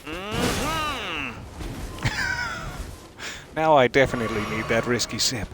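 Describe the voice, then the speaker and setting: A man's voice: mid-range voice, quick pace, heavy background noise. Wry man musing over gameplay. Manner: wry, musing, talks to game enemies. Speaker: streamer playing a video game. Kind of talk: live gameplay commentary.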